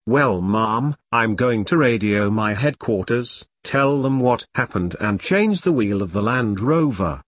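A man reading as a young lance corporal in an audiobook, blunt and wry, speaking plainly at a middling pitch. The voice sits close and dry, with no room sound around it. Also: lively intonation, unhurried, few pauses, no echo.

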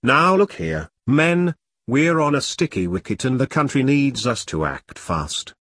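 In a dry, heavily acted reading, a man plays a pompous, self-important middle-aged platoon captain, sounding bossy, brisk, and dismissive. His medium-pitched voice is a bit bright and slightly rough, with big pitch swings, and the recording is dry.

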